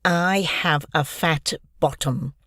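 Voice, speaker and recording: A woman voicing a sneering schoolboy bully with a slow, drawn-out taunting delivery. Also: low voice, sharp tone, no echo, studio quality, exaggerated voice.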